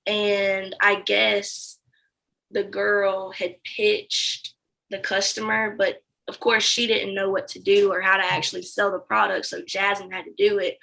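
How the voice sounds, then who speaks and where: A woman's voice: medium pitch, creaky, poor audio. A young woman interviewee, a former sales account manager, telling her story candidly and acting out the dialogue. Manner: animated storytelling that acts out quoted dialogue.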